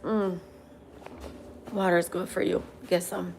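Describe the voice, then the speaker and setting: A woman's voice: fairly low pitch, little pitch movement, a little slow, vocal fry, a little mellow, slight background noise. A woman hosting a casual livestream from her table at home, eating and reading viewer comments aloud, laughing often and answering them bluntly. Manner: laughs often and talks between bites. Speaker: livestream host.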